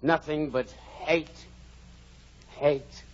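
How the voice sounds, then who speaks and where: A drunken, despairing man rants bitter curses in a husky voice. The old radio broadcast sounds dull and muffled. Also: fairly high pitch, fairly even intonation, extremely slow. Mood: raving. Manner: slurred bitterness rising to raving curses. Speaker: Hindley. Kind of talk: 1940s radio acting.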